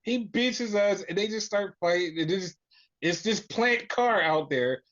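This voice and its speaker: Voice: mid-range voice, a little slow, lo-fi sound. A podcast host recapping in casual chat, swearing freely and acting out quotes. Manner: profane, animated retelling with voiced quotes.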